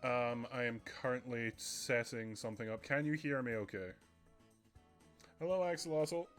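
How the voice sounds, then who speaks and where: A young man chatting on his home livestream, his voice sitting in a middling pitch. He rambles casually to his viewers with a slightly stuffy, runny nose, with soft music playing faintly underneath. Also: normal speed. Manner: rambling, chatty, often laughing. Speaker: streamer.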